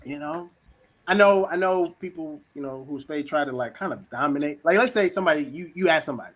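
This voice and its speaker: Male host, casual slangy delivery, animated, slightly higher voice. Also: fairly quick, poor audio. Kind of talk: casual livestream talk on communication styles.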